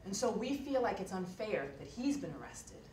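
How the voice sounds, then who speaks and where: A woman's voice: medium pitch, very animated, normal speed, darkish tone, far from the mic, slight background noise. A woman giving a keynote address, telling a story in an earnest, conversational way with frequent fillers. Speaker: keynote speaker. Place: lecture hall. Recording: echoey hall recorded from afar.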